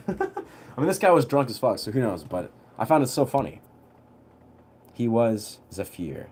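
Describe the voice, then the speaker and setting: A young man telling a story on a livestream in a relaxed, rambling way, full of fillers. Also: mid-range voice, normal speed, long pauses, a little hiss or hum. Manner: rambling, heavy on fillers, laid-back.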